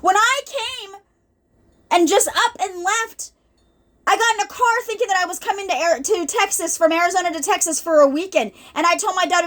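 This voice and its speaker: A woman's voice: very high voice, brisk, fairly bright tone. A woman hosting an unscripted ministry video, giving an earnest, rambling spiritual testimony with many restarts and asides, emotional at times.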